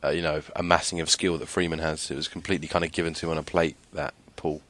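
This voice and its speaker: A man's voice: extremely low pitch, little pitch movement, quick pace, a bit bright. A man co-hosting a podcast, talking in an easygoing, hesitant way with many fillers. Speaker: podcast co-host. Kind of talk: casual discussion.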